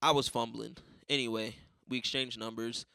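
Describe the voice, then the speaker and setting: A man's voice: mid-range voice, steady tone, normal speed, gravelly, sharp tone, smooth, no room sound, studio quality. A young man hosting a podcast, ranting casually with lots of swearing and telling stories by acting out other people's voices. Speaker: podcast host. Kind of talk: casual monologue.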